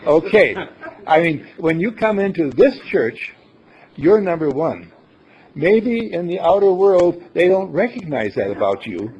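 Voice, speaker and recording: A man preaching a sermon to his congregation in a playful, animated way, laughing often. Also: on the high side, a little slow. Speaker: minister. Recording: dull lo-fi recording.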